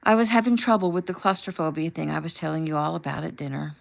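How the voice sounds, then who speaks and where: Woman reading as a young man, emotional, halting, low gravelly voice, storybook. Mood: shaken. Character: young man, emotional, recalling a hard time.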